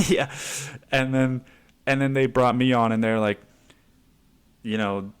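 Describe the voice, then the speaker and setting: A man's voice: mid-range voice, steady tone, takes it slowly, pauses often, smooth. A man in his twenties hosting a podcast, rambling casually with lots of swearing and laughter. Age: 20s. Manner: rambling, profane, laughs often. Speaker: podcast host. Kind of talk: casual monologue.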